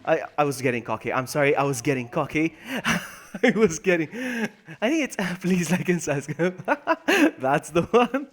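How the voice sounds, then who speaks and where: Excitable man streaming a game. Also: measured pace. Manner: excitable, jumps to high yelps when in danger, then mutters low; chats to viewers by name, self-mocking. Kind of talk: live gameplay commentary.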